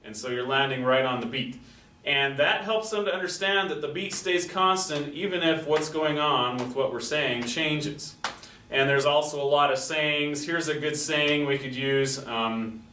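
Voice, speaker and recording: A man showing how to teach a steady beat to young children, explaining patiently step by step. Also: fairly high pitch, measured pace. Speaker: music teacher. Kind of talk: classroom teaching demonstration. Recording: roomy echo from a distant mic with faint noise.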